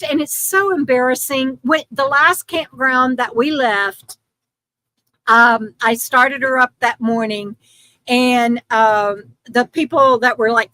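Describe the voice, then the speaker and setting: A woman's voice: sits high, bright, forceful tone, no room sound, rough recording. An older woman hosting a casual livestream, rambling in frustration with many restarts and fillers. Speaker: YouTube channel host.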